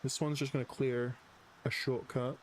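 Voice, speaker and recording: A man's voice: mid-range voice, flat delivery, moderate pace. Rambling young-sounding male streamer, noisy audio. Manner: rambling, swears often, says "like" a lot. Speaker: live streamer. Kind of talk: casual storytelling while gaming.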